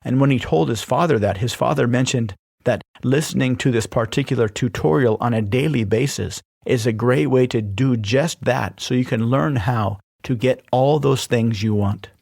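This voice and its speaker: A man hosting a podcast, reading scripted instructional narration in a steady, even-paced delivery. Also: medium pitch, moderate pace, creaky, few pauses, no echo, clean studio sound. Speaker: podcast host teaching persuasion.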